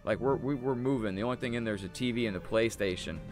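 A man's voice: mid-range voice, fast talker, faint music behind. A man streaming a fighting game live, chatting casually with viewers and telling stories between matches. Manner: laid-back, chatty, thanks viewers and tells stories. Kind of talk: live gameplay commentary.

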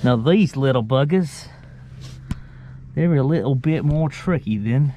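DIY garage host, mid-pitched man talking while wrenching on a car, grumbles at parts, clanking noise behind. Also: lively intonation, measured pace, long pauses, dark tone. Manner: muttering at stubborn parts while working. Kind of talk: casual hands-on car repair tutorial.

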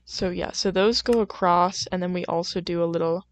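A young woman rambling casually while she plays a game, full of fillers, self-deprecating asides and sudden loud, playful outbursts. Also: fairly low pitch, steady tone, a little fast, dry recording, lo-fi sound. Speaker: gaming video creator.

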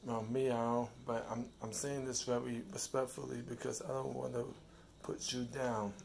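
A man at home with a rough, gravelly voice, speaking in a flat, even tone. He reads slowly with stops and restarts, and talks softly to his cat. A little noise sits behind him. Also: mid-range voice. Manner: slow, halting reading with restarts; fond, soft talk to his cat. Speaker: vlogger reading a devotional. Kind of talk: casual home vlog with devotional reading.

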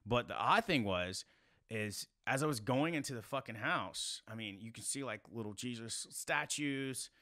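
A man in his thirties from South Carolina, a podcast guest telling a story in a casual, animated way, swearing freely. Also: moderate pace, dry recording, studio quality. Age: 30s. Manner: animated, swears a lot, rising to high exclaims.

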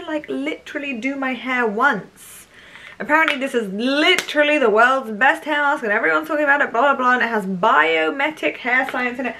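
A British beauty vlogger chats casually through a shopping haul in a high voice at normal speed, gushing and packing her speech with "like." The background is noisy.

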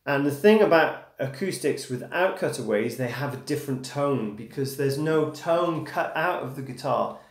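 A man from England with an English accent teaches guitar on a live stream, speaking in a mid-range voice with lively intonation, normal speed and few pauses. He's casual and encouraging, checking in with "okay?" and calling viewers "dude" and "man." The room is echoey, with guitar playing.

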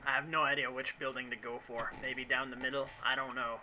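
A man's voice: mid-range voice, level tone, fairly quick, few pauses, bright, forceful tone, a little hiss or hum, low-quality recording. A man commenting on a video game he is playing, in rambling, mock-angry, jokey rants. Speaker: let's play commentator.

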